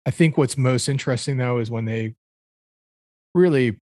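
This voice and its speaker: A man's voice: mid-range voice, normal speed, warm tone, no echo. A man on a music podcast, his voice mid-range and recorded dry and close with no room sound. He talks loosely, circling and searching for the right words, filling the gaps with plenty of ums and likes. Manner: rambling, searching for words with many fillers. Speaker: podcast co-host. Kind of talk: casual chat about music.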